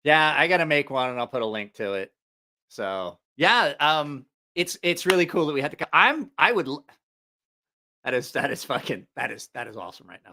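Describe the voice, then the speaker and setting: A man's voice: a little high, big pitch swings, moderate pace, sharp tone. A man hosting a casual livestream, telling profane, rambling anecdotes with frequent laughter. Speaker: livestream host.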